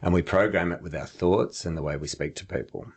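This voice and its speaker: A man with a low, husky voice, quick and full of vocal fry, chats casually on a podcast he co-hosts. A memory trainer, he explains his ideas through acted-out examples and laughs often.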